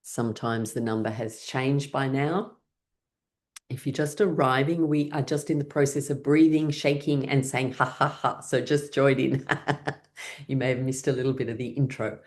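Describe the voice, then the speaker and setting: Woman w a really deep voice running an online laughter yoga class, cheery and coaxing, lots of ha ha ha. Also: fairly even intonation, moderate pace, a little mellow. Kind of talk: guided laughter exercise class. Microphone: online class, video call.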